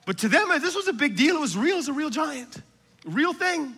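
A man preaching a sermon with passion, building to shouts on key lines. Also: very high voice, sing-song, a little fast, long reverb tail.

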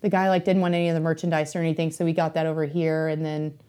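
A woman's voice: low-pitched, flat delivery, very fast, mellow, clean tone. Chatty woman telling rambling stories. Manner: chatty, laughs easily, rambling anecdotes. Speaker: podcast guest. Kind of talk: casual chat, storytelling.

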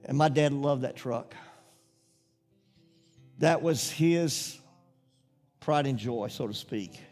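A man's voice: mid-range voice, takes it slowly, a little mellow, soft background music. A middle-aged man preaching a sermon, telling a childhood story in a folksy way before building to fervent preaching. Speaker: pastor.

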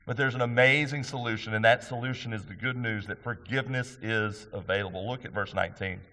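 Middle-aged man pastor, emphatic sermon delivery, bright forceful tone, long hall reverb. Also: on the low side, steady tone, fairly quick. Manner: earnest, emphatic preaching with rhetorical questions.

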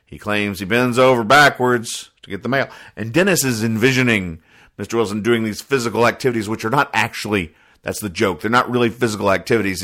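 A man with a fairly low voice talks through the week's comic strips in a loose, rambling way. He explains each joke with dry, wry commentary and briefly bounces into quick voices for the characters. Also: a bit bright. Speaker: host reading comic strips aloud. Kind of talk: casual comic-strip recap.

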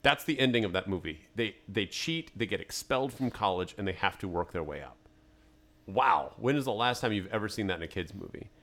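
A man's voice: on the low side, lively intonation, a little fast, fairly bright tone. A man co-hosting a podcast in a studio, thinking aloud and arguing his take on a film in casual chat. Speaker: podcast co-host. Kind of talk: casual movie review chat.

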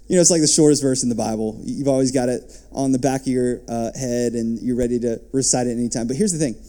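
Male pastor, mellow timbre, animated sermon delivery. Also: mid-range voice, brisk. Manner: animated preaching, rising and dropping to soft asides.

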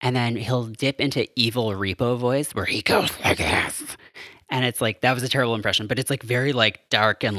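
A man's voice: medium pitch, fairly quick, sharp tone, no echo, studio quality. A man casually recapping a film as a podcast host, rambling and amused with lots of fillers. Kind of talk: casual chat.

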